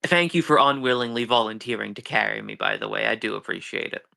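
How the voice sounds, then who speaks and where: A man's voice: on the low side, fast talker, vocal fry, bright, forceful tone. A man playing a tabletop game on a live stream, joking and teasing the others in casual banter. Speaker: player.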